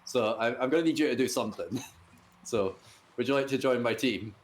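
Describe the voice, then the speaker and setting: A man's voice: mid-range voice, brisk, slight background noise. A man casually joining in on a stream, giggly and riffing with frequent laughs. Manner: giggly, riffs with laughs and restarts. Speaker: stream co-host. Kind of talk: casual banter.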